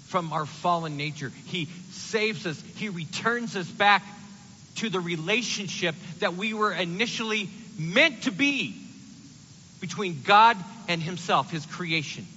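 Animated high-pitched male preacher. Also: big-room sound, muffled recording, slight background noise. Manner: animated, conversational preaching with acted-out quotes. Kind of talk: sermon.

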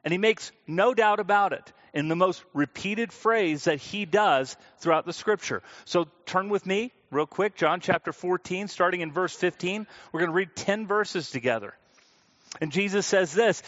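A man delivers a sermon in a relaxed, conversational tone. He stresses his points and puts questions to the audience. His voice sits a little high, and the recording sounds dull and lo-fi. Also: moderate pace. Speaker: preacher teaching a Bible class.

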